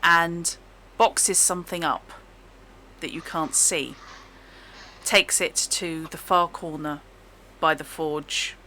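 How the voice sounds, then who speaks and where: A woman's voice: sits low, fairly even intonation, takes it slowly, bright, forceful tone, a little hiss or hum. A woman narrating a tabletop game as game master, with descriptive, wry narration.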